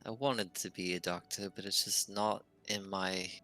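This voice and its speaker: A man playing a wizard in a tabletop game, talking in character in an earnest, halting, curious way. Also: low voice, steady tone, sharp tone. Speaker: player. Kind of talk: in-character tabletop role-play.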